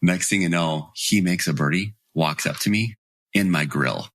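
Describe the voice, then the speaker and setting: Man, 40s, husky, low voice, animated storyteller, dry sound. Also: moderate pace, no echo. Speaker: guest. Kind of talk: storytelling in podcast interview.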